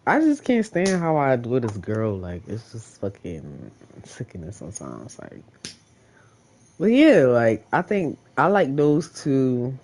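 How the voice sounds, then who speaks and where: A vlogger rambles to the camera in a loose, unscripted monologue. The voice swings widely up and down in pitch. The speech is full of swearing and breaks into laughter again and again. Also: wildly swooping pitch, unhurried, darkish tone, slight background noise. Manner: profane, rambling, laughs often.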